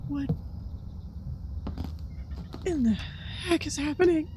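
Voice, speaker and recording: A woman's voice: high-pitched, fairly even intonation, slow, noisy background. A woman hosting a horror game playthrough, reacting nervously and talking to herself as she plays. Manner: jumpy, nervous, talks to herself. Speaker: gaming channel host.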